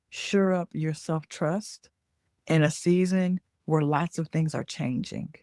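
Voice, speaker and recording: A woman's voice: lowish voice, warm tone, dry recording. Chatty woman with a dry, close sound. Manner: chatty, checks in with frequent "okay?"; corrects herself mid-sentence. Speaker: podcast host and business coach. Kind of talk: casual talk.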